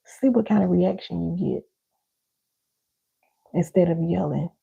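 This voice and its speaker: A woman's voice: fairly low pitch, a little slow, creaky, dark tone, slightly rough, lo-fi sound. A woman giving a live parenting and healing teaching, emphatic, repeating key lines and calling listeners baby and y'all.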